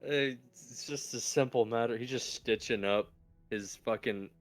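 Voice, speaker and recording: A man's voice: mid-range voice, unhurried, no room sound, soft background music. A man playing a tabletop game, talking in an exasperated way and swearing a lot. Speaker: player. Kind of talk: casual tabletop play.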